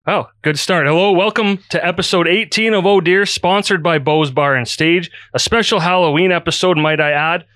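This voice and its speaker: Jokey host, crisp, bright tone, laughs easily; clean dry mic. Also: male voice, high voice, no room sound. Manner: jokey, upbeat, quick to laugh. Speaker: podcast host. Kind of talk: casual podcast chat. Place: podcast studio.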